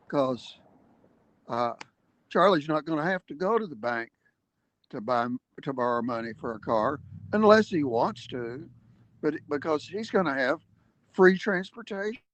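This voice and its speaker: A man's voice: a little high, animated, unhurried, pauses often, a bit bright, no echo, poor audio. A man giving an earnest livestream advocacy talk, explaining step by step with emphatic points and hesitant fillers. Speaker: activist speaker.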